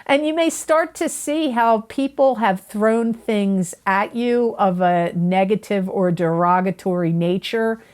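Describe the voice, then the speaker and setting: A woman's voice: mid-range voice, a little slow, hardly any pauses, darkish tone. A woman reading tarot for viewers in a chatty, earnest way, often repeating herself and correcting her own words. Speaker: tarot reader. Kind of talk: monthly astrology forecast to camera.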